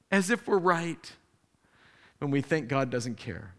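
A man preaching a sermon as pastor, animated, acting out the people he quotes with sudden jumps in pitch. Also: slow. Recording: long hall reverb.

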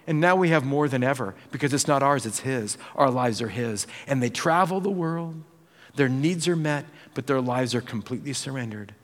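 A man preaching a sermon as pastor, acting out quoted voices and swinging between loud and hushed. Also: mid-range voice, in a large hall. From United States.

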